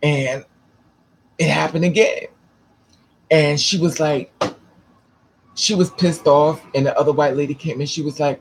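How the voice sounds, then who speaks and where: A man's voice: fairly high pitch, fairly even intonation, measured pace, long pauses, a little hiss or hum. A man vlogging, telling a personal story casually, rambling with restarts and swearing.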